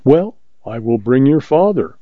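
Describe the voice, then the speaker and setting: A man's voice: medium pitch, very animated, a little slow, dry recording. A man reading a story aloud, voicing a big, grim, lonely man who speaks in short, plain words. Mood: terse. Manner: terse, plain. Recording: dull lo-fi recording.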